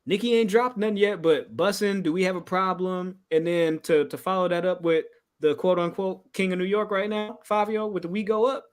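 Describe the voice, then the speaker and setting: Laid-back slangy man, slightly high voice. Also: steady tone, clear, resonant tone. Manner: laid-back slangy banter, quick laughs. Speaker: podcast co-host. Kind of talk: casual chat.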